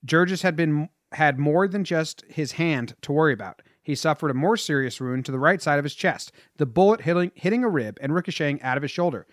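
A man's voice: fairly high pitch, animated, a little fast, few pauses, no room sound, studio quality. A man co-hosting a casual podcast, reading out a prepared history story and chatting with his co-host. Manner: reads a prepared story, then chats and laughs with his co-host.

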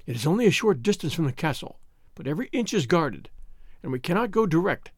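A man voicing a cautious castle jailer who speaks quietly and carefully, reading a storybook tale. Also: on the high side, very animated, breathy edge, no room sound, clean studio sound. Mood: guarded. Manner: quiet and measured.

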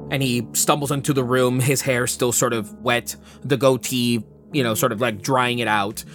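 Game master narrating a tabletop game. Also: male voice, mid-range voice. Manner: descriptive, with casual fillers.

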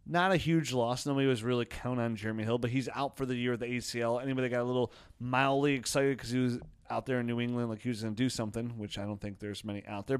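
A male podcast host with a clear, resonant mid-range voice jokes around on a casual sports podcast, now and then putting on silly voices for players. The audio is studio quality with no echo.

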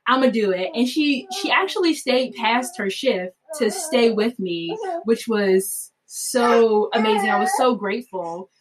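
A woman telling a personal story in a chatty, animated way, full of fillers and frequent laughs. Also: fairly high pitch, measured pace, hardly any pauses, crowd noise, poor audio. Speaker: mother telling her birth story.

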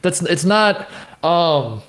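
A man's voice: fairly high pitch, lively intonation, fairly bright tone. A man co-hosting a podcast, musing in a loose, rambling way, restarting his sentences often. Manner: rambling, halting, with many restarts. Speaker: podcast co-host. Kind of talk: casual chat.

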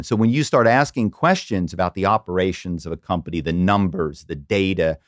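A middle-aged man from the Philadelphia area, an animated storyteller who slips into quoted voices as a podcast guest. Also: deep voice, brisk, no room sound, clean studio sound. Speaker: podcast guest, former corporate spy. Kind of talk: casual interview storytelling.

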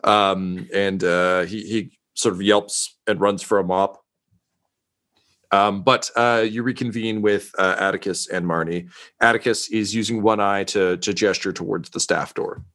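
Low-voiced man narrating a tabletop game. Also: steady tone, fairly bright tone. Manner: halting, many fillers. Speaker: game master.

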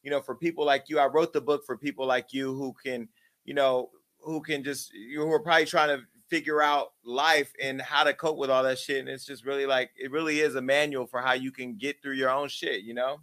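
A man's voice: mid-range voice, fairly even intonation, a little fast, fairly bright tone. A man in his forties hosting a call-in show, talking bluntly with lots of slang and encouragement. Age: 40s. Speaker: host. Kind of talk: casual call-in show chat.

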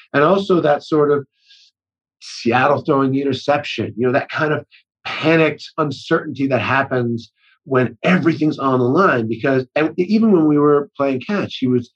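Husky-voiced man, rambling storyteller. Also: mid-range voice, dull audio. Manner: rambling, self-interrupting with many restarts and acted-out quotes. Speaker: actor-director guest. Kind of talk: casual storytelling conversation.

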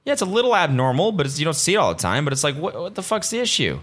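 A man's voice: fairly high pitch, very animated, very fast, fairly bright tone. A man hosting a solo podcast, rambling casually and swearing freely as he tells stories. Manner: profane, rambling, self-mocking. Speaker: podcast host.

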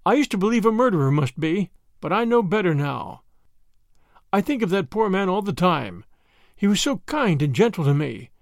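A woman's voice: lowish voice, big pitch swings, normal speed, no room sound, clean studio sound. A man voicing a kindly, stubborn old grandmother who talks in a fussy, earnest way.

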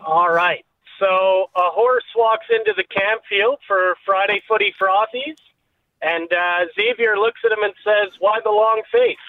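A man's voice: high voice, unhurried. A Canadian man calling in to a radio show, eagerly telling a joke. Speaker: caller. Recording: tinny distant phone line.

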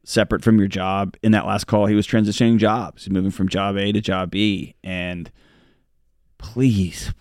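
A man's voice: on the low side, little pitch movement, fairly quick, few pauses, darkish tone, clear, resonant tone, no room sound. Male co-host, earnest and pleading, dry close mic, radio advice show. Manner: earnest, pleading, joking asides. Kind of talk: radio call-in advice talk.

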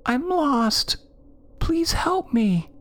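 A man voicing a monster that mimics a lost little girl, whimpering and pleading in a very high voice. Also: very animated, extremely slow, full character voice. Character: creature mimicking a lost little girl's cry.

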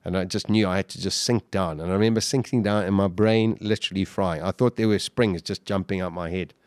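Brief: low-voiced male guest, intense storyteller, stumbles and restarts, dry close mic. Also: fairly even intonation, darkish tone, dry recording. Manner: intense, halting with repeated restarts. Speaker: podcast guest. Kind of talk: emotional storytelling interview.

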